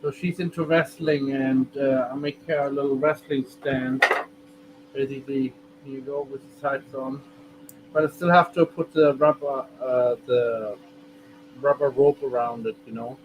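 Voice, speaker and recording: A man chatting as a guest on a livestream, halting and repeating his words. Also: medium pitch, steady tone. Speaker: regular guest. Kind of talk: casual livestream chat. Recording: noisy stream audio.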